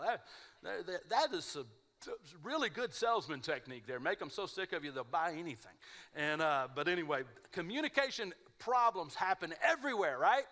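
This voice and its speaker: A man preaching a live church sermon with a bright, forward voice sitting a touch high for a man. He tells stories animatedly and slips into mumbled imitations of other people. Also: expressive, brisk. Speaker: pastor.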